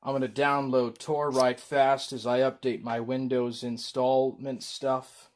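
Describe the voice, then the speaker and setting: Male livestreamer, slow and rambling, mid pitch, casual chat. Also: flat delivery. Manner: rambling, slow, with frequent ums.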